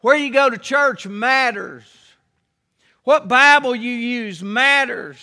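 Taking it slowly, a man with a very high-pitched, bright, and forceful voice preaches in a church sanctuary. He draws out words, repeats key phrases emphatically, and reads aloud from the King James scripture as the hall's long reverb rings.

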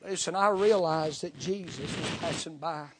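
A man, preaching a revival sermon. He tells his testimony in short rhythmic bursts, tagging almost every phrase with "amen". He climbs to full shouts and then drops to hushed, low lines. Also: moderate pace, background noise. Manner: swings from shouting to near whisper.

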